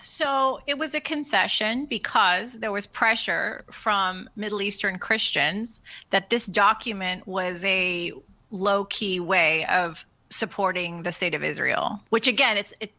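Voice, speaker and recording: A woman's voice: medium pitch, unhurried, bright, forceful tone, muffled recording. A woman from California, a guest on a radio talk show, speaking playfully and repeating herself for emphasis. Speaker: guest expert.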